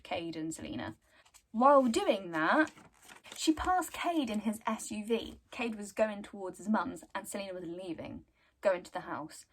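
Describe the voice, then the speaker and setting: A woman's voice: medium pitch, fairly bright tone, breathy edge. A young woman casually retelling a book's story, chatty and giggly. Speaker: book reviewer.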